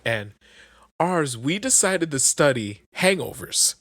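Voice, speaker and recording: A man's voice: fairly high pitch, sing-song, takes it slowly, fairly bright tone, no room sound, studio quality. A young man co-hosting a podcast, chatting casually with joking, profane rambling. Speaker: podcast co-host. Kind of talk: casual chat.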